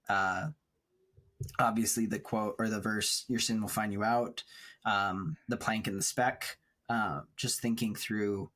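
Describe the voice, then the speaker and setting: Podcast co-host, male, husky lowish voice, rambling and reflective. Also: fairly bright tone. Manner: thoughtful, rambling, laughs often. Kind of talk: casual chat. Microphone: remote recording setup.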